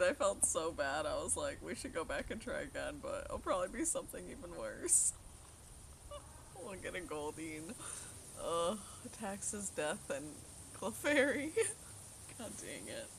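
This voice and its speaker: A woman's voice: low-pitched, gravelly, slight background noise. A young woman live-streaming outdoors on her phone, chatting with viewers, telling a story and laughing often. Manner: chatty storyteller who laughs often and reads chat aloud. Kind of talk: casual chat with viewers. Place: outdoors in the sun.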